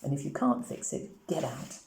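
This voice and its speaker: A woman reading as a worried mother at the end of her tether in a storybook, anxious and quick to snap. The voice is low and gravelly. A roomy echo surrounds it. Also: sing-song, slight background noise, heavily acted. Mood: fraught. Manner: anxious and sharp. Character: worried, proud mother under strain.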